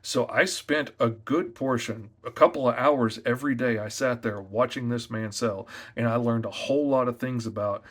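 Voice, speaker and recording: A comic artist, a man, giving sales tips in a loud, energetic, chatty way. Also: medium pitch, normal speed, few pauses. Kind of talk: casual tips talk to camera.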